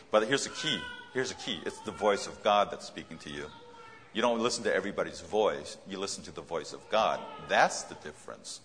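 A man's voice: low-pitched, fairly bright tone, long reverb tail, slight background noise. A man preaching a sermon in a conversational way, often repeating his key phrases.

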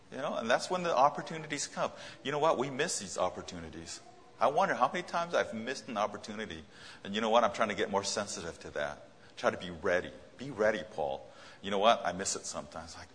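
A man's voice: on the low side, lively intonation, quick pace, a bit bright, big-room sound, slight background noise. A man preaching a sermon in a conversational way, often repeating his key phrases.

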